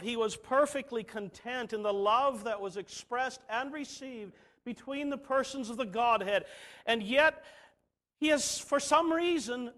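A middle-aged man preaching a sermon, swinging from soft asides to emphatic declarations. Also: very high-pitched.

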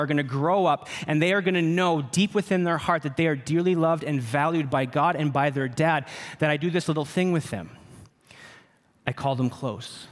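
A man in his thirties, a pastor preaching a sermon in an earnest, personal way. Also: fairly high pitch. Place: church sanctuary. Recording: reverberant church hall.

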